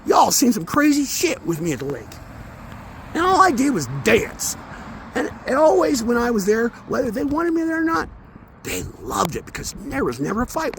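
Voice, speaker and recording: A man walking outdoors and talking into his phone in an intense, rambling spiritual monologue, swearing often and swinging between mumbles and loud outbursts. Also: extremely high pitch, vocal fry. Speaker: vlogger. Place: outdoors near traffic, walking. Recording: outdoor phone audio with street noise.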